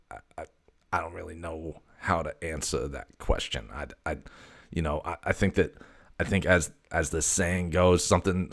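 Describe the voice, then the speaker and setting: A man voicing his crude, boastful male house cat, cursing and mumbling with halting pauses. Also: low voice. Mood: evasive. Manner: foul-mouthed, cocky, mumbling and halting.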